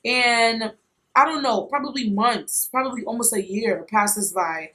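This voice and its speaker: A woman vlogger telling a personal story in a blunt, animated, slangy way, with some swearing. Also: fairly high pitch, unhurried, rough recording. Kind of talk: casual storytime.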